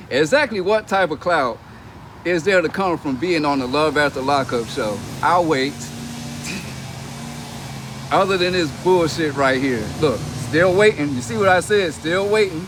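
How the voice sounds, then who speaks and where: Speaking unhurriedly in a fairly high, slightly bright and animated voice, a young man from reality TV reads livestream comments and brashly, profanely ridicules them, laughing in between. A little hiss or hum sits under the audio.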